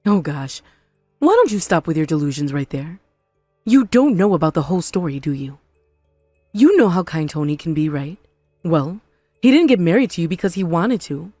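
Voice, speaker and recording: A woman voicing a spiteful, possessive mother-in-law in an animated story, scornful and melodramatic. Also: fairly low pitch, moderate pace, no echo, faint music behind. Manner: scornful, melodramatic, self-pitying.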